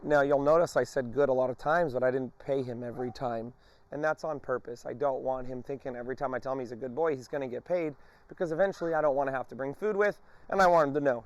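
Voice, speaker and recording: A man training a dog on a leash, explaining each step calmly and breaking off to praise and give commands to the dog. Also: medium pitch, fast talker, lo-fi sound. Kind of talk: instructional demonstration.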